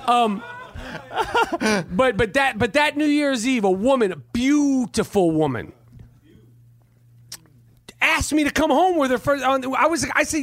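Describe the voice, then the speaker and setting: High-pitched guy in his 40s, keeps stammering and restarting, swears a lot, real dry close sound. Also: a little slow, pauses often, dry recording. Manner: stammering restarts, profane and excitable. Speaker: guest storyteller at a comedy club podcast. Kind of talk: live podcast storytelling.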